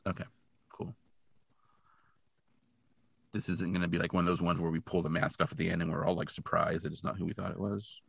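Gravelly low-voiced man, dry and close. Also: flat delivery, a little fast, long pauses, dry recording. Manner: dry, joking asides. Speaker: podcast co-host. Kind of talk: casual recap chat.

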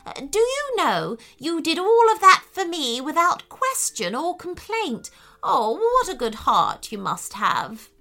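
A woman voicing a kind, very old lady who speaks warmly and gently. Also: extremely high pitch, very animated, takes it slowly, soft background music, voice pushed up, heavily acted. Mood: grateful.

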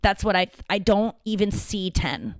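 A woman's voice: medium pitch, very animated, moderate pace, dry recording. A woman hosting her own show, talking casually and candidly in a rambling monologue, swearing freely and often restarting her sentences. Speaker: podcast host.

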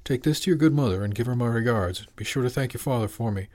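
A man's voice: medium pitch, quick pace, a little mellow, close to an everyday voice. A man voicing a grinning, weathered fisherman who talks in a folksy, chuckling way in an audiobook. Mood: cheerful. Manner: chuckling, folksy, says "laddie". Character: kindly weathered fisherman, older man, cheerful.

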